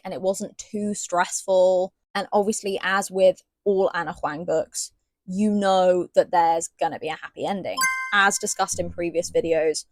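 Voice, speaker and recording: A woman's voice: lowish voice, dry recording. A young British woman from Great Britain chatting casually in a book review vlog, bubbly and playfully dramatic. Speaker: book vlogger.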